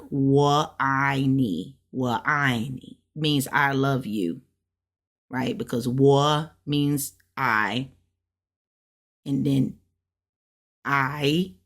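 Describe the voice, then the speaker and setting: A woman's voice: rumbling low, a bit bright. A woman teaching herself Mandarin in a casual lesson. She sounds out syllables and repeats each one several times, thinking aloud when she is unsure. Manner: thinks aloud, unsure of her own pronunciation. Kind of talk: casual self-study lesson.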